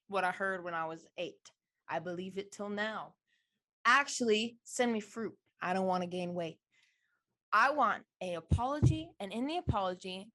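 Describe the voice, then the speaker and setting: A woman's voice: medium pitch, a bit bright. A young woman hosting a casual podcast chat, sassy and teasing, swearing often. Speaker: podcast host.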